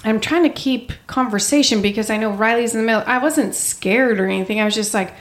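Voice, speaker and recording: A woman's voice: a little high, a little fast. Blunt, matter-of-fact woman telling a story. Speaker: podcast co-host. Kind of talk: casual storytelling.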